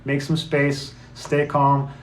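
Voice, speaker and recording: A man's voice: fairly high pitch, completely flat delivery, slow. A man co-hosting a spiritual talk show, speaking in an earnest, reflective way and coaxing his listeners. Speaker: co-host. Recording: roomy echo, faint background noise.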